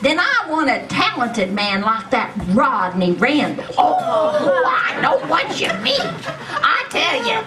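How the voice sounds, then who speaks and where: A woman plays a chatty elderly country widow in a folksy, gossipy drawl, her voice leaping to shrill highs and dropping low, taking her time. She is caught from a distance, with a live echo and steady background noise. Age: older. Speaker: comedy sketch performer. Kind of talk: live stage comedy act. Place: outdoor community festival stage.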